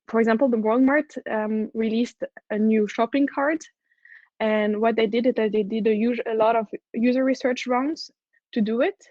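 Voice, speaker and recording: A woman's voice: a little high, darkish tone, no echo. A woman with a French accent giving an enthusiastic conference talk as a head of product, often restarting her sentences. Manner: enthusiastic, earnest, with frequent restarts. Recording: dull, dry lo-fi recording.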